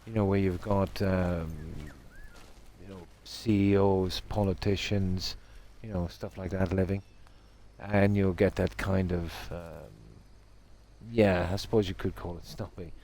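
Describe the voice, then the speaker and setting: A middle-aged Irish man with a Midlands accent chats with his stream viewers in a somewhat low voice. He rambles along in a relaxed, easygoing way and pokes fun at himself. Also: a little slow, a little hiss or hum. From Ireland. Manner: relaxed, rambling, self-deprecating. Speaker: game streamer. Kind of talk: casual chat with stream viewers.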